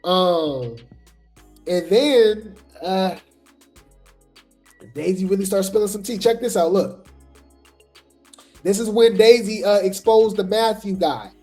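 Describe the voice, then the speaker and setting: A host giving casual gossip commentary on reality TV, talking chattily and filling pauses with "right?" and "you know". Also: medium pitch, darkish tone, soft background music. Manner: chatty, full of fillers and "right?" asides.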